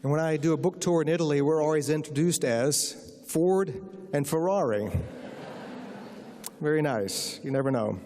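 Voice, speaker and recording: A man's voice: fairly high pitch, normal speed, mellow. Wry American man telling stories in a hall. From United States. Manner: wry, self-deprecating storyteller. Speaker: guest author, lecturer. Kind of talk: humorous anecdotal lecture. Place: lecture hall. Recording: reverberant lecture hall.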